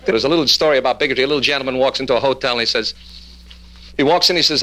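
Bright-voiced joke teller. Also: male voice, medium pitch, racing. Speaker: stand-up comedian. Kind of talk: joke-telling routine.

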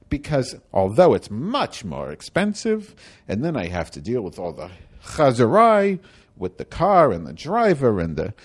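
Brief: man doing an indignant, rambling Chicago bus-riding lady, lively theatrical rant, comedy monologue. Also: medium pitch, breathy edge. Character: cranky indignant woman from Chicago, bus rider.

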